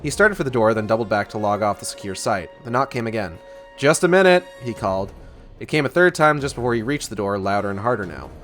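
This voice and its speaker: Low-voiced man reading a novel. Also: fast talker, a bit bright, soft background music. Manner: casual, stops to correct misreads. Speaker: streamer reading a novel aloud. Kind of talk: book club reading on a livestream.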